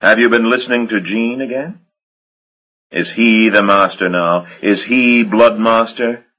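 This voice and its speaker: A man voicing a cold, commanding male vampire master who speaks in a silky, unhurried, menacing way. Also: on the low side, bright, forceful tone, dull audio, pitched above the performer's own voice. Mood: cold menace.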